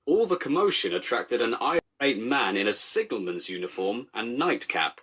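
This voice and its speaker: Husky man narrating a comic story. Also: mid-range voice, very animated, moderate pace, hardly any pauses, a bit bright.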